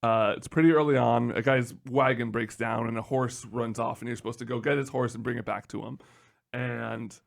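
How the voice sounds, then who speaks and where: Gravelly man rambling through a story. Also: mid-range voice, fairly even intonation, moderate pace. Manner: rambling storytelling with many fillers. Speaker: podcast co-host. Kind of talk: casual chat.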